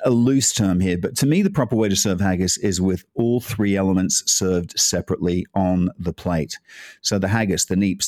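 A man's voice: on the low side, a little mellow, no echo, studio quality. A man giving a casual, chatty cooking talk, rambling into asides and laughing as he goes. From Scotland. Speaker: cooking presenter.

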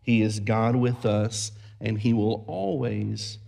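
A man's voice: lowish voice, slow pace, gravelly, a little mellow. A man preaching a sermon as pastor, building emphasis through repeated phrases and storytelling. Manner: preaching with rising emphatic repetition.

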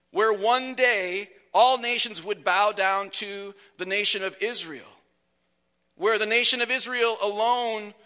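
A man preaching a sermon as pastor, speaking slowly and deliberately and letting phrases fall soft at their ends. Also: sits high.

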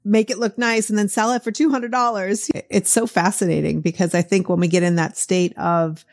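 A woman's voice: medium pitch, steady tone, a little fast. Chatty middle-aged Boston woman host. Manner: chatty, encouraging, laughs easily. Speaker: podcast host. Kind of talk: casual interview chat.

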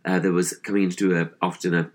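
A man's voice: deep voice, level tone, racing. A young man with a posh English accent, chatting as a comedian guest in an interview, thoughtful and hesitant with many fillers. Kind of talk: casual interview chat.

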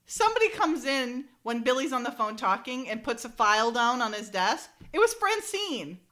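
A woman co-hosting a casual chat, animated, often laughing and acting out dialogue. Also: fairly high pitch, moderate pace, slight background noise. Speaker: podcast co-host recapping an episode.

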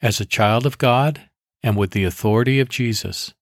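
A man hosting a devotional podcast, giving measured, deliberate instructions for prayer and guided meditation. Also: mid-range voice, no echo, studio quality.

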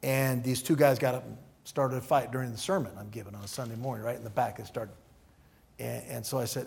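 A man's voice: mid-range voice, a little fast, creaky, breathy edge. A male pastor preaching at an evening church meeting, telling stories with acted-out dialogue and teaching through numbered points. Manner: animated storyteller who acts out dialogue. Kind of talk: sermon.

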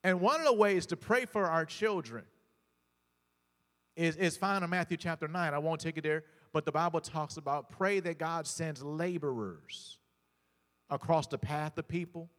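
A man's voice: a little high, moderate pace, a bit bright. Storytelling male preacher in a reverberant hall. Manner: storytelling, repeats words, calls out to the congregation. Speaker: pastor. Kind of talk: sermon.

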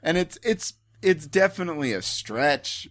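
A man co-hosting a podcast, talking in a relaxed, rambling way. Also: fairly high pitch, a little slow. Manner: easygoing, rambling, laughs along. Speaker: podcast co-host. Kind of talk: casual chat. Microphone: podcast microphone.

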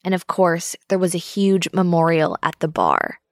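A woman narrating a documentary in an even, clear way. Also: on the low side, normal speed, no room sound, studio quality.

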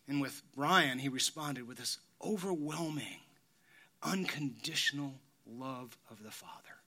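A middle-aged man preaching a sermon in a slow, heartfelt way, sometimes dropping to a whisper. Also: medium pitch, fairly bright tone. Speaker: pastor.

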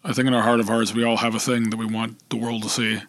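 A man's voice: medium pitch, little pitch movement, fast talker, fairly bright tone. A man, a voice actor and storyteller, talking reflectively in a casual interview, rambling and restarting his thoughts. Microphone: close podcast microphone.

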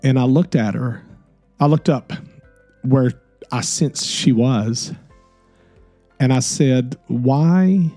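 A middle-aged man, a podcast host, telling a personal story in an earnest, soft-spoken and reflective way. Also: mid-range voice, steady tone, takes it slowly, pauses often, dry recording, faint music behind.

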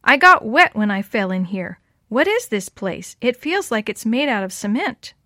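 A woman voicing a young girl stuck in a hole, talking in an excited, raised way. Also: a little high, normal speed, no room sound, clean studio sound. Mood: curious.

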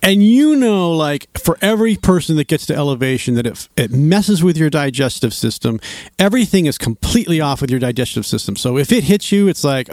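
Lively middle-aged man telling a story. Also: on the high side, no room sound. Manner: animated, acts out quoted voices. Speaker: storyteller recounting a hike. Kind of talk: casual storytelling chat.

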